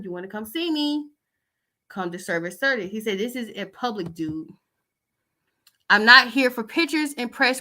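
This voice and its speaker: Bright-voiced chatty woman. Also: on the high side. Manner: chatty, loose and conversational, with asides. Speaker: host. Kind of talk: casual chat reading out text messages.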